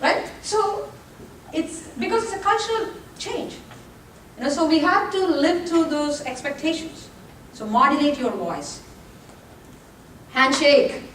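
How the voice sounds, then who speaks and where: A woman with a high voice gives a presentation. She addresses the audience directly and throws in jokes. She is picked up from a distance in an echoing room, with faint noise behind her. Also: expressive, a little slow, pauses often, a bit bright. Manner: direct, joking asides to the audience. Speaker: college lecturer giving a workshop talk. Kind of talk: lively presentation talk.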